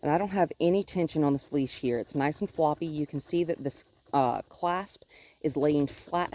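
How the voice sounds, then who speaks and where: Calm woman dog trainer explaining outdoors. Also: moderate pace. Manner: calm, explanatory, talks to the dog in a high sing-song voice. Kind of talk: instructional dog-training video. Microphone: phone held in one hand while filming.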